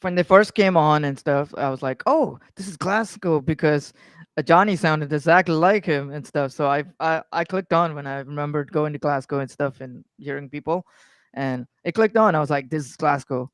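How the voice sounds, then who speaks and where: Hesitant man panelist, slightly high voice, dry close mic. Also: moderate pace, clear, resonant tone, no echo. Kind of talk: casual chat.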